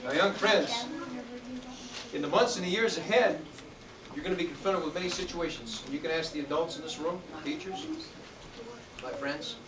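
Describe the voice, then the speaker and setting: A man's voice: a little high, crowd noise. A man giving a motivational talk to young students, drawing out key words and prompting them to answer back. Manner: call-and-response, drawn-out emphatic words. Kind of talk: motivational talk to a youth audience. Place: indoor room with students and adults. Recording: echoey room, distant mic, noisy.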